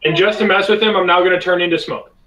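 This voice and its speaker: A man's voice: high voice, fairly even intonation, fast, sharp tone, far from the mic. A man playing in a tabletop game who makes dry, joking remarks. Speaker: player. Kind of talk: tabletop role-play. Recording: roomy, away from the mic.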